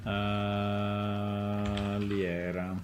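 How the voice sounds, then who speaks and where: A man's voice: lowish voice, completely flat delivery, drawn-out words, faint music behind. A man who develops games, casually commenting on a live stream in a chatty, amused way with frequent restarts and repeated words.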